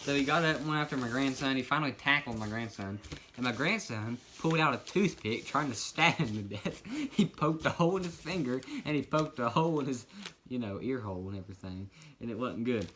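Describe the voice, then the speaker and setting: A man playing a grandfather who rambles through an absurd tall tale in a meandering, deadpan way. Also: medium pitch, fairly quick, slight background noise, natural voice, poor audio. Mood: rambling. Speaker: comedic storyteller. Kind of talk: improvised comedy monologue.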